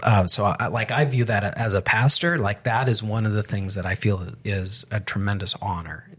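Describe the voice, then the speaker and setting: A man's voice: lowish voice, normal speed, sharp tone, husky. A man co-hosting a faith podcast, a pastor telling a story in casual conversation, with frequent restarts. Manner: storytelling with many restarts and quoted dialogue.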